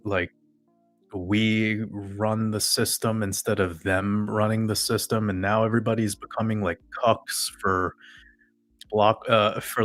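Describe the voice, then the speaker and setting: A man's voice: on the low side, no room sound. A man host ranting in profane, sarcastic casual talk to a live chat audience. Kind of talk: casual rant to a livestream chat.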